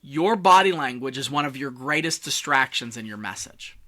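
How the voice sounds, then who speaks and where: A man teaching a public speaking lesson in a casual, joking way. He shifts his volume and tone on purpose, from big and loud to soft and hushed. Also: mid-range voice, lively intonation, normal speed. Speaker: communication coach.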